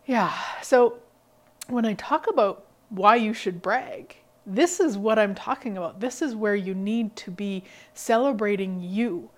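A woman hosting a podcast, giving an energetic, emphatic motivational talk. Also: medium pitch, unhurried. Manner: energetic, emphatic, laughs often. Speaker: podcast host.

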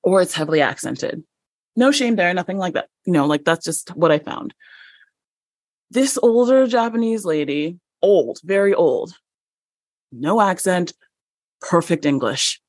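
A woman guest on a podcast, telling a story in an animated, chatty way with many fillers and laughs. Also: on the low side, normal speed, no room sound, clean studio sound. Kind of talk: conversational storytelling.

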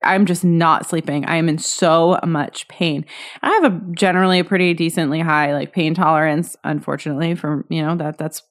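A woman's voice: sits low, fairly even intonation, normal speed. A woman in her thirties hosting a solo podcast, telling a personal story in a candid, chatty way with lots of fillers and restarts. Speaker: podcast host.

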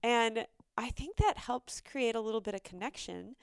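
Woman, solo podcast host, chatty, fillers, crisp smooth voice, slightly high pitch. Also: moderate pace, no echo, studio quality. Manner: chatty and animated, with many fillers and restarts. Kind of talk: casual solo podcast talk.

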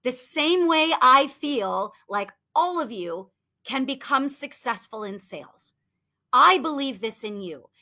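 A woman in her thirties coaching listeners on sales, telling a story in an animated, chatty way full of "like". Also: high-pitched, slow pace. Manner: animated, chatty, lots of "like" and acted-out quotes. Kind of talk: motivational storytelling talk.

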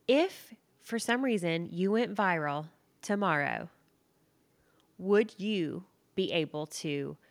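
A young woman hosts her solo podcast from the floor of her living room. Her voice sits a little low, and she talks in a lively, chatty way. She laughs at her own slips as she goes. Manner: chatty and animated, laughs at herself. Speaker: podcast host. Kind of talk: casual solo podcast monologue.

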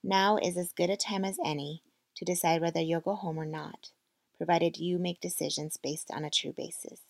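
Audiobook-style: a woman voicing a steady, earnest female mentor, low and a bit gravelly. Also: moderate pace, dry recording, studio quality. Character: calm, steady female mentor, speaking from hard experience.

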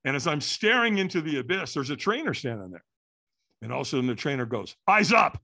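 A man telling a story as a podcast guest, animated and acting out quotes with sudden shouts. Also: mid-range voice, fast.

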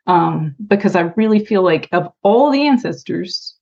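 A woman author being interviewed, talking in a soft, reflective way with frequent pauses and ums. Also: on the low side, animated, dull audio. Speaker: author and podcast guest. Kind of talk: casual interview chat.

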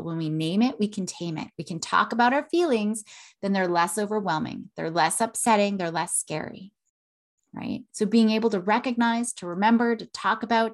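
A woman in her thirties hosting a solo parenting podcast, earnest, with a habit of tagging "right?" onto her points. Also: medium pitch. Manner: earnest, repeats "right?" often.

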